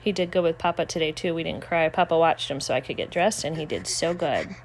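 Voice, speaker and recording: A woman's voice: sits low, brisk, a little hiss or hum. An older woman filming a casual home vlog, chatting while she minds her grandson and coos at him in baby talk. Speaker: vlogger grandmother. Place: home living room.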